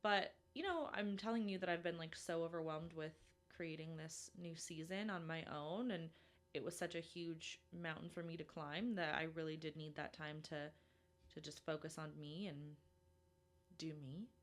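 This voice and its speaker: A woman's voice: low voice, normal speed. A young woman from Minnesota hosting a solo podcast, chatty and self-deprecating, with lots of fillers. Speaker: podcast host.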